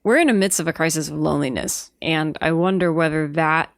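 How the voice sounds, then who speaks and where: A woman's voice: low-pitched, brisk, no room sound, studio quality. A woman co-hosting an education podcast, thinking aloud in a casual, reflective conversation. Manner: thoughtful, wondering aloud. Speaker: podcast co-host.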